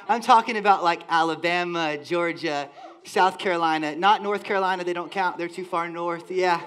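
A man from the Southern United States preaching a lively, joking sermon as a church worship leader. He talks directly to the congregation. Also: sits high. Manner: enthusiastic, playful, talks to the congregation. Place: church sanctuary.

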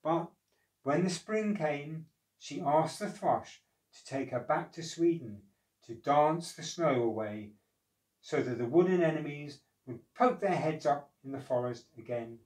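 A man reading a children's storybook aloud in a slow, gentle, expressive way. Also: on the high side. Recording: echoey room, distant mic.

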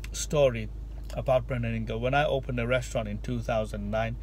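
A man's voice: mid-range voice, steady tone, a little fast, a little mellow, slight background noise. A man who vlogs and runs a restaurant, speaking in a casual tribute to camera with earnest, repetitive, heartfelt phrasing. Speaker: vlogger and restaurant owner.

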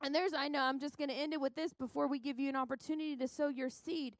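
Fervent high-voiced woman preaching. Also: fairly even intonation, fast talker, no echo. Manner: fervent, exhorting, repetitive. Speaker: pastor. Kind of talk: preaching at a women's conference. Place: church sanctuary.

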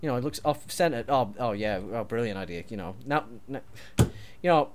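A man's voice: medium pitch, expressive, brisk, noisy background. A young man co-hosting a gaming video, nitpicking his partner with exasperated, swearing rants. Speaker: let's play co-host. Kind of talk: casual gameplay banter.

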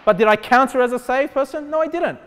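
Man, pastor, high-pitched voice, conversational sermon, rhetorical questions, long church reverb. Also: fast, a bit bright, smooth. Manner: conversational preaching, many rhetorical questions and asides. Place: church sanctuary.

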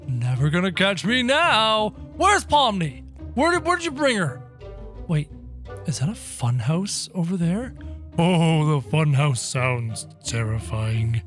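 Animated, playful gaming narrator. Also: medium pitch, slow pace, soft background music. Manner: animated, playful, bursts into yelps and laughter. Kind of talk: excitable let's-play commentary in character.

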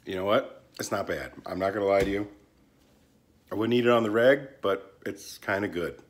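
A man casually reviewing a fast-food sandwich, hesitant and often trailing off while he chews. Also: on the low side. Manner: hesitant, trailing off and restarting as he reacts; talks while chewing at times.

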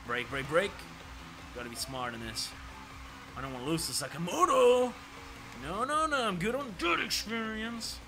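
A man streaming himself playing an arcade racing game, talking casually and excitedly to his viewers and swearing now and then. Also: on the high side, moderate pace, long pauses. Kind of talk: live gameplay commentary. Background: arcade racing game music.

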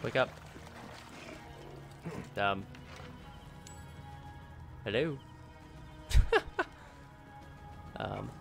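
A man's voice: lowish voice, normal speed, gravelly, pauses often. A man streaming a video game, swearing in frustrated outbursts and rambling through stories with lots of filler words. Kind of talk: casual gameplay commentary. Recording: game music playing behind.

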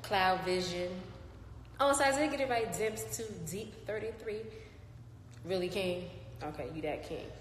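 A woman hosting a live online show, chatting playfully and giving shout-outs to viewers as they join. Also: mid-range voice, expressive, measured pace, a little hiss or hum. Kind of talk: casual live-stream chat, greeting viewers. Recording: echoey room with long reverb, faint ambience.

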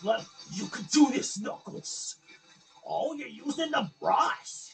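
A host giving excited commentary over game footage, cheering and exclaiming often. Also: mid-range voice, takes it slowly, gravelly, husky, soft background music. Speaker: host of fan gameplay videos.

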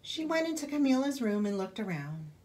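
A woman librarian reading a children's picture book aloud with expressive storytelling. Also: fairly high pitch, brisk.

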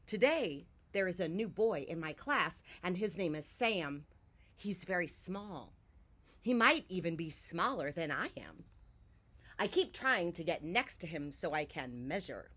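Outdoors on a porch, a woman with a lowish, slightly rough voice reads a children's picture book aloud. She shifts between hushed whispers and loud outbursts.

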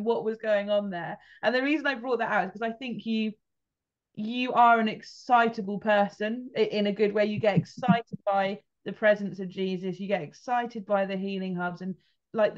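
A woman asks long, hesitant questions in an interview, pausing on fillers. Her voice is mid-pitched and sounds slightly dull and muffled. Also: steady tone.

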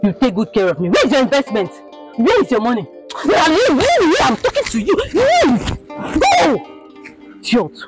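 A woman's voice: fairly high pitch, very animated, fast, over music, rough recording. An actress with a Nigerian accent playing a proud young village woman who scolds and mocks an unwanted suitor in a film drama. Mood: furious. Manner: loud, scornful, scolding. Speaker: daughter who has left her marriage. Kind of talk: Nollywood film acting.

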